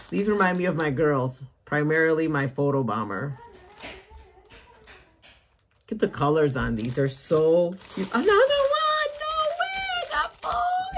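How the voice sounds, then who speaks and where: A young woman unboxing a package for her vlog, gushing over each item with excited exclamations. She speaks slowly, her pitch leaps high and dips low, and there is a faint hiss under her voice. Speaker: vlogger opening mail.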